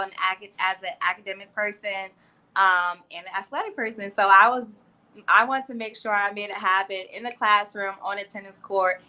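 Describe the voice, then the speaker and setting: A woman's voice: mid-range voice, bright, forceful tone. A woman in her twenties from New Jersey and Florida, a PR professional chatting as a friendly interview guest. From New Jersey and Florida, United States. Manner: friendly, chatty, laughs easily. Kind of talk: casual interview.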